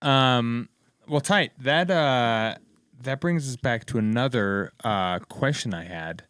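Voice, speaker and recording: A man's voice: medium pitch, takes it slowly, a bit bright, clear, resonant tone, dry recording, clean studio sound. A man hosting a music production podcast, joking around and talking to listeners as "folks.". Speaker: podcast host. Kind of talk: casual podcast chat.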